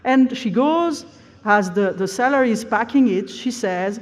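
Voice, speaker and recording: A woman's voice: mid-range voice, expressive, unhurried. A woman giving an academic conference lecture, explaining at length with frequent "uh" hesitations. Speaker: plenary lecturer. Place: lecture hall. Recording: long reverb of a large hall.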